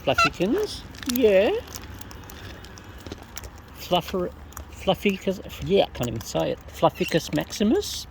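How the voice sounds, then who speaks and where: A woman's voice: lowish voice, expressive, moderate pace, vocal fry. A woman talking baby-talk to the wild birds she is feeding, in a casual, cooing way. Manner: coos and baby-talks to birds. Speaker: bird feeder filming wild birds. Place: outdoors among birds. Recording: noisy outdoor recording with birds.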